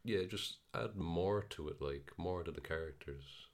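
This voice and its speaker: A man with an extremely deep voice chats about a movie on a podcast. He is laid-back and thinks aloud, trailing off into fillers as he goes. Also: a little slow. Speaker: podcast co-host. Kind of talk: casual film review chat.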